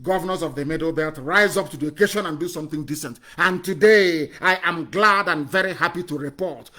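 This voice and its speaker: A middle-aged Nigerian man with a high-pitched voice delivers a fiery political broadcast. He is scornful and impassioned, rising to loud declarations and then dropping to low, muttered asides. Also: brisk. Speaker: activist broadcaster.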